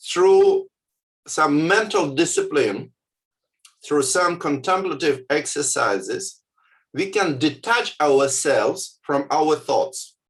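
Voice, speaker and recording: Animated man with frequent "yeah?" check-ins. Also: on the high side. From Soviet Union. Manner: halting, frequent filler words, checks in with "yeah?". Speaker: lecturer on contemplative practice. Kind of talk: lecture with guided exercise.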